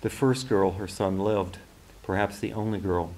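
A man, an author and teacher, reading literary fiction aloud in a measured, even way, now and then restarting a phrase. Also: on the low side. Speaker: author and faculty member.

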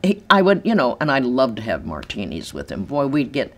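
An older woman telling stories in an interview from her apartment, animated and acting out the voices of others. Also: a bass voice, fairly quick, a little hiss or hum. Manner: animated, acts out quoted voices, laughs easily. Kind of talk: storytelling in an interview. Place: large empty room in her apartment.

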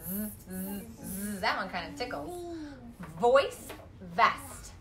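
A woman in her thirties teaching an online kindergarten phonics lesson from home, prompting words with bouncy, clearly enunciated delivery. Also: mid-range voice, very animated, slow pace, heavy background noise. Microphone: phone camera. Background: guitar played alongside.

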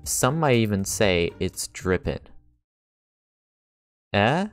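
Guy doing a chill let's play, gets super excited, voice bounces all over, faint music behind. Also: lowish voice, slow pace, clean tone. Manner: excitable, gasps and laughs often, talks to viewers. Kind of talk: casual gaming commentary.

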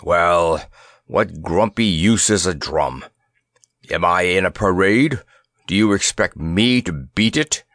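A man's voice: sits low, slow, fairly bright tone, no room sound, clean studio sound, pitched below the performer's own voice, full character voice. A man doing a morose, grumbling elephant. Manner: morose, sarcastic and cross. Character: haughty grumbling male elephant.

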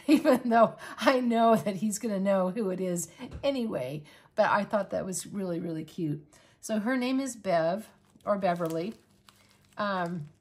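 A woman hosting a crafting channel, chatting casually and rambling through an unboxing. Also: fairly low pitch. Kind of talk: casual unboxing vlog chat.

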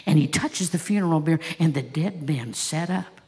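A woman's voice: on the low side, fairly quick, vocal fry, darkish tone. A woman pastor preaching a sermon, telling stories with passion and asking the congregation rhetorical questions.

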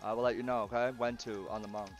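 A man's voice: mid-range voice, fairly even intonation, fast, faint music behind. A man streaming a game live, swearing, groaning in frustration and laughing between outbursts. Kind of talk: live gaming stream chatter.

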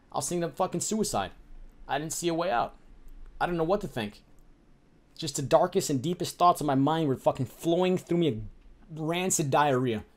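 A young man from the Chicago area telling a personal story in a casual, profane and heated way, acting out the people in it. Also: on the high side. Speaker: streamer telling his life story.

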